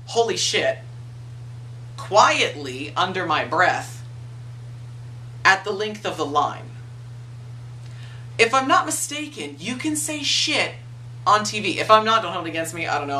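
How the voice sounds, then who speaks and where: A man's voice: sits high, sharp tone, recorded from a distance, a little hiss or hum. A man of twenty-one, telling a story in a casual vlog rant, swearing freely and acting out the people he quotes. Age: 20s. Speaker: video blogger.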